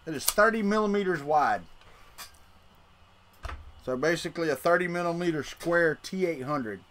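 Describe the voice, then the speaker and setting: A man's voice: fairly high pitch, lively intonation, moderate pace, fairly bright tone, a little hiss or hum. A middle-aged man, hosting a casual livestream and rambling to his chat while he tinkers. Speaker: livestream host.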